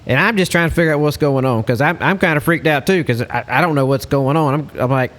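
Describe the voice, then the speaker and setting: A man, a hunting lodge guide, telling a story in a casual, animated way. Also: on the high side, fast talker. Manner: animated storyteller, Southern-style speech.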